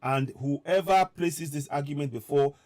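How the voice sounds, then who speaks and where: A man's voice: a little high, a little slow, darkish tone, dry recording. A man giving a fervent live-streamed address to viewers abroad, repeating his points with preaching emphasis. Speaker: political commentator addressing diaspora viewers.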